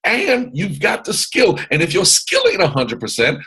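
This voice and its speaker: A man's voice: high voice, wildly swooping pitch, moderate pace, bright, forceful tone, husky, low-quality recording. A man leading a motivational training session on a video call, boisterous and strong in his delivery, repeating phrases like a preacher. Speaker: mentor hosting a training call.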